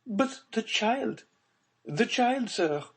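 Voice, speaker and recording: Audiobook: grieving baroness, high and trembling, anguished pleas, voiced by a male narrator. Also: lively intonation, drawn-out words, creaky, a bit bright, breathy edge, heavily acted. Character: distraught noble mother, grieving baroness.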